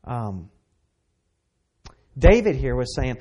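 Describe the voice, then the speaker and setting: A man preaching a sermon, earnest and emphatic, repeating phrases and swinging between loud and soft. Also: medium pitch, lively intonation, normal speed. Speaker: pastor.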